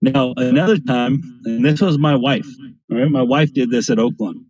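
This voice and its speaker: This craps streamer guest tells loose, rambling anecdotes on a live stream, frequently tossing in "right?". He has a mid-range, slightly mellow voice at a moderate pace, captured as dry, lo-fi stream audio.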